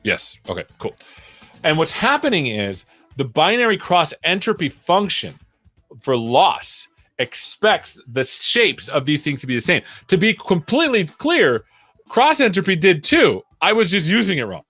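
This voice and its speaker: A man's voice: fairly high pitch, wildly swooping pitch, unhurried, pushed and bright, no echo, soft background music. Male livestream coding host, rambling think-aloud delivery, dry close mic. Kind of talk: live coding tutorial.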